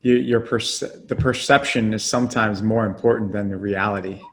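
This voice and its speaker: A man's voice: lowish voice, steady tone, normal speed. A man hosting a podcast interview, responding reflectively to his guest. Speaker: podcast host.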